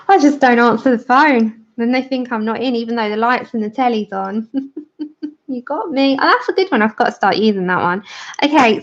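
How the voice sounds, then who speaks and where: A British woman talks casually through a livestream while she colours, chatting with viewers and laughing often. Her voice sits a little high. The sound is dull and lo-fi, like a home stream. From Britain. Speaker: livestream host.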